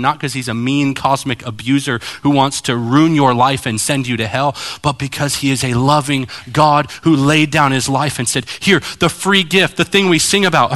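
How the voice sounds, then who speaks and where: A man preaching a sermon as pastor, direct and challenging, acting out voices as he tells stories. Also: a little high. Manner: animated storytelling, acting out voices.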